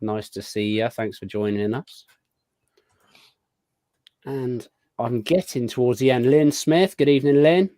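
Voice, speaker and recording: A man hosting a casual live show, chatting warmly through a long list of viewer greetings. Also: mid-range voice, measured pace, pauses often, no echo. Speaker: podcast host. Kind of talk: casual live-stream chat.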